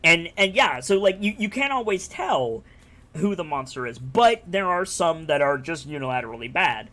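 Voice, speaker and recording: A man's voice: on the high side, very animated, moderate pace, a bit bright. A man streaming live, talking casually and enthusiastically about a game, rambling and swearing freely. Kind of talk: casual chat.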